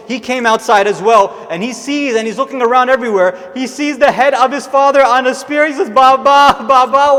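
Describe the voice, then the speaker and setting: At an Islamic centre, a man with a very high, slightly bright voice gives a sermon that builds into an impassioned, tearful, mournful retelling. A long hall reverb surrounds his words.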